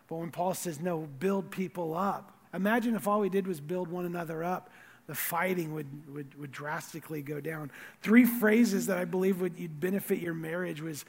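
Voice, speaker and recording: A man preaching a sermon as pastor, earnest, repeating words and swinging from loud stress to quiet asides. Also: high voice, husky, in a large hall.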